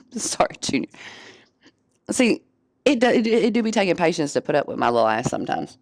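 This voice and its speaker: A woman's voice: lowish voice, sing-song, moderate pace, no echo, studio quality. A woman streamer chatting casually with her viewers, candid and profane, often laughing. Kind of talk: casual chat.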